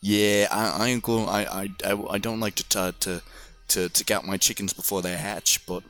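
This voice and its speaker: A man's voice: fairly low pitch, fairly even intonation, normal speed, a bit bright. A man narrating as game master in a tabletop role-playing game, speaking hesitantly with many restarts.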